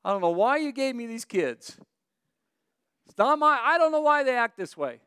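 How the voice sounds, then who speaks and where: Rich: An exasperated, weary old leader complains about his burden, as a preacher puts him on. The voice is high and smooth, with a dry, close sound. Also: very animated, normal speed, a bit bright, dry recording, exaggerated voice.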